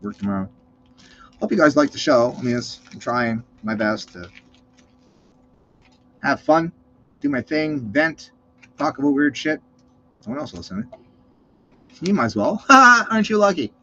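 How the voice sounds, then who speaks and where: A man's voice: medium pitch, a little slow, long pauses, slight background noise. A man hosting his own show in a casual, profane monologue, ranting and swearing as he tells stories, cold and muffled on a slightly dull recording. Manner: ranting, swearing, animated storytelling. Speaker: show host.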